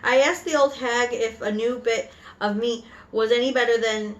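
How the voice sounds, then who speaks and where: A woman's voice: fairly high pitch, steady tone, moderate pace, highs cut off, close to an everyday voice. A woman voicing a scoffing male waiter in a kitchen.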